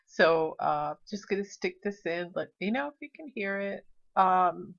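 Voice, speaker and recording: Low-voiced woman vlogger, dull lo-fi sound. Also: animated, a little slow, fairly bright tone. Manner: chatty, explains step by step. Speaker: paranormal vlogger. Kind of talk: casual vlog narration.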